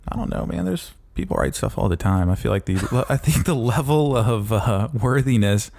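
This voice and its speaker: A man co-hosting a podcast in casual chat, talking haltingly with many pauses and restarts. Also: medium pitch, expressive, gravelly, a little mellow. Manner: hesitant, lots of ums and restarts. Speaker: podcast co-host.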